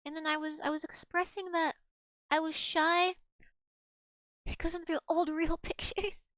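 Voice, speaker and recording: Giggly high-voiced young woman streamer. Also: measured pace, no echo. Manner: giggly, animated, mock-dramatic. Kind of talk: casual chat reading old messages to chat.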